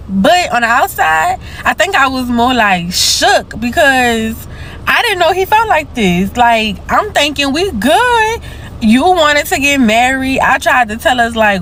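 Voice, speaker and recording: A woman's voice: high-pitched, sing-song, measured pace, fairly bright tone, a little hiss or hum. Blunt woman. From New Orleans, USA. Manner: blunt, casual, slangy. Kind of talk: personal storytime monologue.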